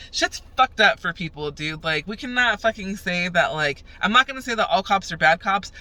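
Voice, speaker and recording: Young woman ranting on her vlog, swearing nonstop, really sharp bright voice. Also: lowish voice. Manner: profane, fired-up storytelling rant. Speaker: vlogger.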